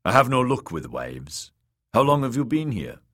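A man's voice: mid-range voice, sing-song, moderate pace, fairly bright tone, no echo, clean studio sound, voice pushed up. A man reading an audiobook, voicing a stern middle-aged warrior captain. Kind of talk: audiobook character voice.

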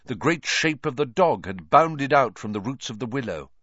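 Man, audiobook narrator, animated storytelling, dry close sound, slightly muffled. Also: medium pitch, moderate pace, no echo. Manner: expressive, animated reading.

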